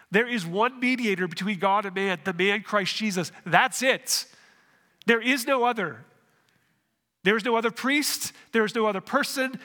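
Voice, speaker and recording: A man preaching a sermon as pastor, earnest, with dramatic pauses, in a church sanctuary. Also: high voice, sharp tone, in a large hall.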